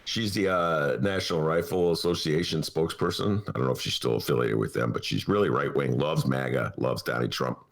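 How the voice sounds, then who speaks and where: A male podcast host in a studio, talking politics casually in a wry, animated way full of asides. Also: very deep voice, fairly quick, few pauses. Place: radio studio.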